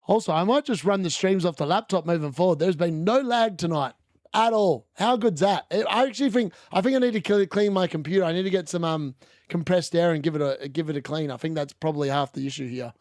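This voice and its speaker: A man giving chatty, excitable live commentary on a fantasy football watch-along stream, laughing often and correcting himself as he goes. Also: on the high side, fast, dry recording, studio quality. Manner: corrects himself mid-sentence.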